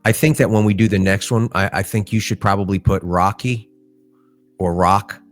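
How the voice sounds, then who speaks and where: A man's voice: lowish voice, fairly even intonation, moderate pace, soft background music. A middle-aged man co-hosting a podcast, telling stories in a casual, rambling way with lots of fillers. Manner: rambling storyteller with many fillers. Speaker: podcast co-host.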